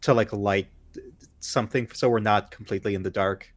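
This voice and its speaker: A man's voice: fairly low pitch, fairly even intonation, a little fast. A man playing a tabletop game, talking casually and often stammering. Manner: hesitant, stammering. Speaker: player.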